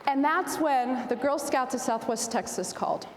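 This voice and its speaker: A woman in her forties giving a storytelling speech at a convention, animated and acting out the voices in her anecdotes. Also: sits high, normal speed, a faint crowd, a little hiss or hum. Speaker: keynote speaker. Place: large convention hall. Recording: roomy hall reverb, faint ambience.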